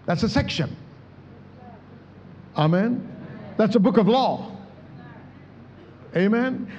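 Animated, husky-voiced male preacher. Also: extremely high pitch, slow pace, long pauses, long reverb tail, highs cut off. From India. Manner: preaching with emphatic calls to the church. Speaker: pastor. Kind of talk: sermon.

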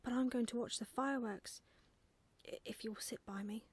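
A woman voicing a timid, curious baby barn owl boy, soft and hesitant, in a whispered role-play for a storybook. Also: fairly high pitch, steady tone, normal speed, slightly rough. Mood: wondering.

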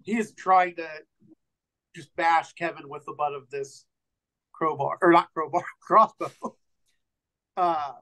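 A man narrating as game master in a tabletop game, relaxed and halting with many fillers. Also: a little high, poor audio.

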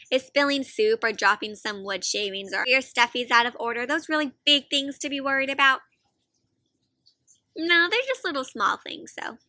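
A woman reading aloud to children with a high, very bright voice, animated and full of questions to her young listeners. The recording is close and dry, with no room sound at all. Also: dry recording. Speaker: children's storyteller. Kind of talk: interactive read-aloud for kids.

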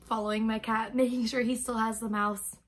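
A woman's voice: on the high side, fairly quick. A young woman vlogger telling a dramatic story casually, full of fillers. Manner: animated, dramatic, many fillers. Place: bedroom.

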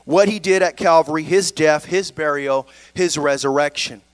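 A man's voice: a little high, normal speed, clear, resonant tone, no room sound. A man preaching a sermon as pastor, calling out "amen?" and "right?" to the congregation between points.

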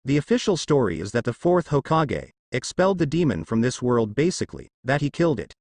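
Man as a kind, earnest young ninja teacher in a storybook reading. Animated, dry close sound. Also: medium pitch, fairly quick, no room sound.

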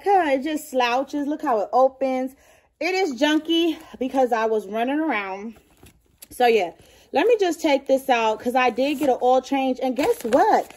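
A woman's voice: high-pitched, lively intonation, moderate pace. A woman vlogger chatting casually as she shows off items in a show-and-tell video, gushing and calling viewers "girl". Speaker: beauty and lifestyle vlogger.

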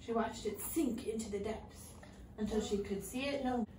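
A woman's voice: on the high side, normal speed, dark tone. A woman teaching English to young children, reading a storybook aloud and asking them patient, simple questions. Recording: echoey room, far from the mic, faint noise.

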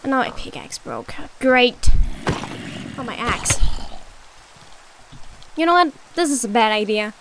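Young woman, high lively voice, gameplay commentary, muttering and swearing, clear background noise. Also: unhurried, pauses often. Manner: swears and mutters to herself, jumpy and exasperated. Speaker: gaming YouTuber. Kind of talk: casual let's-play commentary.

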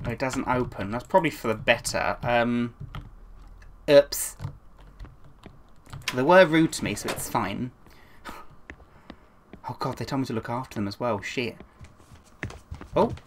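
A woman's voice: a bass voice, unhurried, long pauses, slight background noise. A young woman commentating a horror game, jumpy and swearing when scared, with dry asides. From England. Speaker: gaming YouTuber. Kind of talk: let's play commentary.

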